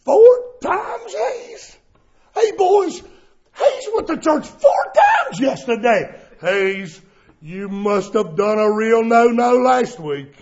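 A preacher voicing his jeering male factory coworkers, who taunt him with loud, mocking shouts. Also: very high voice, big pitch swings, slow pace, gravelly, dull audio, heavily acted.

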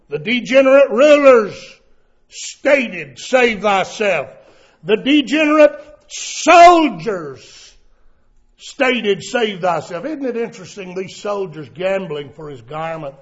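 A male pastor delivers a sermon in a high voice, slow and drawn out, and shouts the scripture quotes for emphasis. The sound is dull and lo-fi, like an old sermon tape. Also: big pitch swings.

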